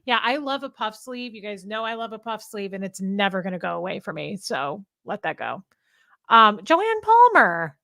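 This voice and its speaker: A woman's voice: medium pitch, very animated, normal speed, gravelly, sharp tone, no room sound, studio quality. A woman co-hosting a casual livestream chat, playful and laughing, reading out viewer comments. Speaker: co-host.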